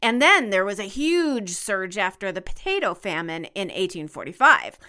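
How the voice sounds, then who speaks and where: A woman's voice: medium pitch, very animated, normal speed, pushed and bright, clear, resonant tone. A woman co-hosting a podcast, chatting casually in a playful, emphatic way. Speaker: podcast co-host.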